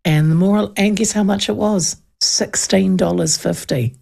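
A woman with a New Zealand accent hosts a radio show, spinning a chatty story with lively impressions of the people in it. Her voice carries a gravelly fry throughout. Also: medium pitch, a little slow. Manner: lively, animated, acts out voices in anecdotes. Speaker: radio host.

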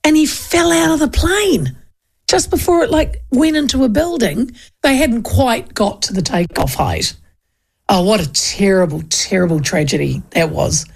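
A woman's voice: fairly high pitch, lively intonation, moderate pace, vocal fry, husky. A middle-aged New Zealand woman hosting talkback radio, chatting casually, reading out listener messages and telling cheeky stories.

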